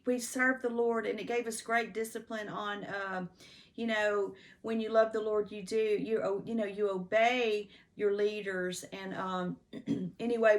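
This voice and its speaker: A woman in her fifties from Texas telling stories from her life in a casual, rambling way, full of "you know" and restarts, pausing to check her notes. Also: medium pitch, vocal fry. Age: 50s. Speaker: personal storyteller. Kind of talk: casual life-story monologue.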